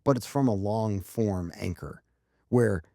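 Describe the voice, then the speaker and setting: A fairly low-pitched man speaks unhurriedly in a warm tone, recorded dry at studio quality. As co-host of an informal marketing podcast, he runs through numbered tips bluntly, emphatically and with free profanity.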